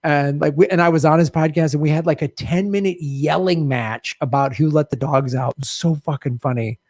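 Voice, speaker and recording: A man's voice: on the high side, fairly quick, dry recording, studio quality. Chatty man hosting a podcast. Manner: animated storytelling. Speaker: podcast host. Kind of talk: casual chat, reading viewer comments.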